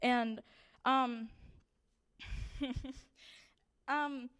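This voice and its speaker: Young woman, high voice, nervous giggles, church testimony. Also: steady tone, very slow, fairly bright tone, smooth. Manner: nervous, shaky, laughing between phrases. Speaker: church member giving testimony. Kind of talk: personal testimony to a group.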